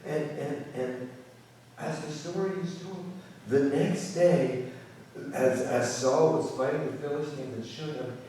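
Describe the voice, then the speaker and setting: A man, a rabbi, telling a folk story to a congregation in an animated, repetitive way. His voice sits a little high and comes from a distance in a very echoey sanctuary. A faint ambient hum lies underneath. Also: unhurried. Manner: animated, repeats words when excited. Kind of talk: storytelling lecture. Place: synagogue sanctuary. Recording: echoey hall, distant mic.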